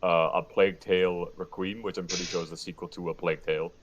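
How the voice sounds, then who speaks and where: Very deep-voiced man chatting casually. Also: quick pace, dull audio, noisy background. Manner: relaxed, rambling, lists details. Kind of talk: casual podcast chat.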